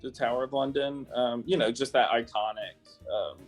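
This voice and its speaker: A man's voice: medium pitch, moderate pace, faint music behind. A man from South Carolina, a guest in a casual interview, talking chattily with lots of fillers and laughs. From South Carolina, USA.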